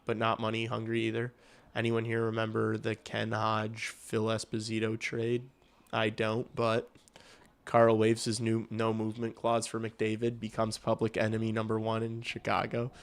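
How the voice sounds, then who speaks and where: A man hosting a hockey livestream, calling the game in casual play-by-play and getting loud and excited on big chances, with some swearing. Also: lowish voice, moderate pace, gravelly. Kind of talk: casual live play-by-play commentary.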